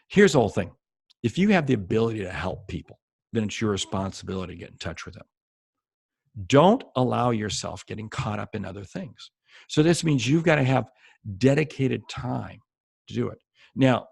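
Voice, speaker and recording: A sales trainer delivers a motivational coaching talk directly to the viewer, emphatically repeating key phrases to drive his points home. His medium-pitched voice is creaky and slightly rough, captured on a dry recording.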